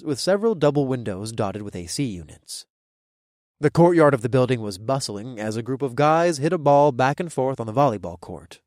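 A man's voice: medium pitch, a little mellow, no echo, studio quality. Wry young man narrating in first person. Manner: wry, casual storytelling. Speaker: audiobook narrator.

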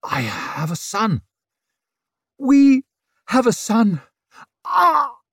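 A male narrator voicing a sharp-tongued young mother in labour, gasping and strained with pain. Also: medium pitch, big pitch swings, extremely slow, slightly rough, dry recording, studio quality, voice pushed up, heavily acted.

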